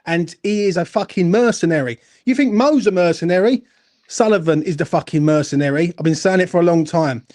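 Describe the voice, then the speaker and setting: A high-voiced man delivers a heated, expletive-filled football fan rant. He hammers his points again and again and keeps demanding agreement from his co-host. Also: brisk, a little mellow. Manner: angry, sweary, repeats "do you know what I'm saying".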